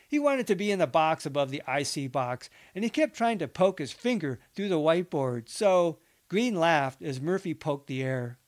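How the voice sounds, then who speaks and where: Man reading a documentary account aloud. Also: fairly high pitch. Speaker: narrator. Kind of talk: documentary book narration.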